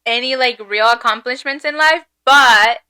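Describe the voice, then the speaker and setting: A young woman co-hosts a podcast in loose casual chat. She is loud, giggly and a bit chaotic. Her voice sits high and sounds bright. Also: moderate pace, clean tone. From Hispanic background. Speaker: podcast co-host.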